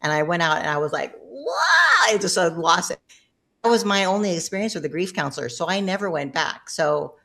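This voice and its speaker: A woman's voice: on the low side, fast, fairly bright tone. A middle-aged woman telling a personal story as a guest in casual conversation, chatty and self-deprecating, laughing often.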